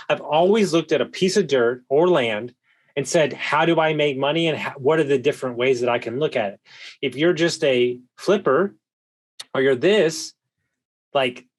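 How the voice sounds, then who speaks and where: Male host, mid-range voice, talks emphatically with restarts; casual interview energy. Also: medium pitch. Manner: emphatic and excitable, quick restarts. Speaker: podcast host. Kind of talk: conversational interview.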